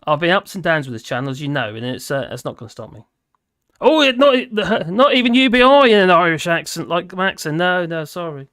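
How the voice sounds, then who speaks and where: English man, higher voice, rambling live-stream chat, dry close sound. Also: a little fast, fairly bright tone, dry recording. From England. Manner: chatty, rambling, laughing often, reads out chat comments. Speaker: livestream host. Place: home in rural France.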